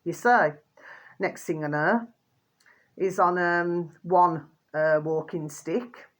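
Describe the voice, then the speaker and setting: A woman with a voice on the low side speaks slowly as she vlogs. Her chatty, rambling monologue moves between gossipy stories, broken up by indignant outbursts and repetitive, endearing asides to her viewers.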